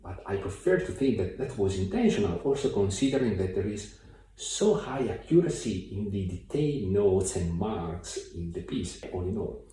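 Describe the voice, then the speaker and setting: A man's voice: fairly low pitch, sing-song, moderate pace, warm tone. Man teaching piano in an echoey room. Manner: thoughtful, hesitant, many fillers. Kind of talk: piano tutorial. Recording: very echoey room, mic far off. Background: piano playing.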